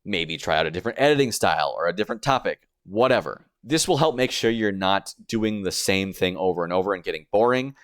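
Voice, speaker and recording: A man's voice: low-pitched, lively intonation, fairly quick, hardly any pauses, a bit bright, smooth, no room sound. Man narrating a dry video essay. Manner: explanatory, step-by-step. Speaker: streamer and YouTuber.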